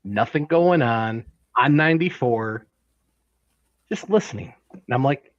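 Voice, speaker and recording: A man's voice: mid-range voice, expressive, measured pace, long pauses, dry recording. A man co-hosting a podcast in casual banter, laughing often and poking fun at himself. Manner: laughs often, self-deprecating. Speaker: podcast co-host. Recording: dry, dull lo-fi sound.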